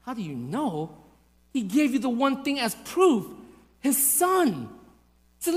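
A man preaching a sermon to his church, asking rhetorical questions and acting out little stories with lively voices. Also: extremely high pitch, a little slow, pauses often. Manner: animated, acts out voices in anecdotes, rhetorical questions. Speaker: pastor. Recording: long hall reverb.

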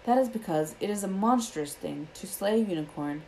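A woman reading aloud voices a young male centaur who speaks in a grave, measured way. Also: medium pitch, expressive, a little mellow, a little hiss or hum, lightly acted, low-quality recording.

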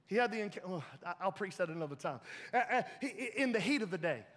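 A man preaching a sermon as pastor, animated and laughing often, in a church sanctuary with a reverberant hall sound. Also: sits high, quick pace.

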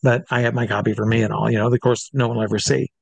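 A middle-aged man, a comedy stage hypnotist, telling an animated story in an interview and acting out the people in it. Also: medium pitch, racing, creaky, breathy edge, no room sound. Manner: animated, acts out voices in his stories.

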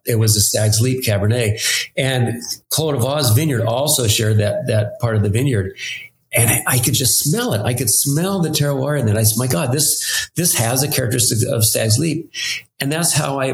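Older man telling rambling stories. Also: medium pitch. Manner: rambling, friendly, quotes people in dialogue. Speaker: winemaker. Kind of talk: anecdotal storytelling. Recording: roomy room with faint background noise.

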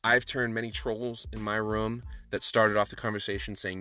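A man's voice: fairly low pitch, level tone, bright, forceful tone, soft background music. A man hosting a solo podcast, talking with passion and emphasis, often restarting his sentences. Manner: passionate, emphatic, talks fast with many restarts. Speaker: podcast host.

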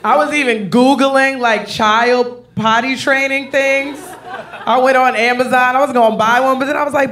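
A woman comedian telling a brash, profane, animated story on stage. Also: sits high, moderate pace, a little hiss or hum. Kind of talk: stand-up storytelling. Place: live comedy show.

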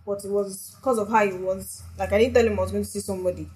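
A woman's voice: medium pitch, steady tone, fast, darkish tone, poor audio. A young woman who talks frankly and swears freely as a podcast co-host in casual chat.

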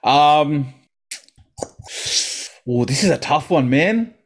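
A man's voice: a little high, lively intonation, takes it slowly. A young man hosting a casual sports podcast, reading out game picks with lots of exclamations and groans. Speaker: podcast host.

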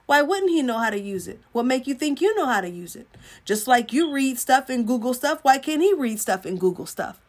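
A woman gives relationship advice in a live talk. Her voice sits high, and she lectures with emphatic, preachy conviction. She often mimics the way other people talk to make her point.

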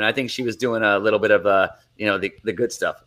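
Bright-voiced joking podcast host. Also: male voice, on the low side. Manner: joking, quick laugh, chummy. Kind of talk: casual late-night podcast chat.

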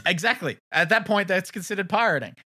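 A man's voice: high-pitched, lively intonation, fast talker, bright, forceful tone. A young man with a South Australian accent, co-hosting a podcast in casual chat, rambling and laughing as he goes. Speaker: podcast co-host.

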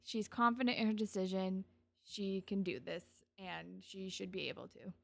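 A woman co-hosting a casual podcast recap, her voice sitting in an ordinary middle register. She retells scenes in an animated way and slips into the characters' lines, with plenty of fillers along the way. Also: mid-range voice, normal speed, vocal fry. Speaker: podcast co-host.

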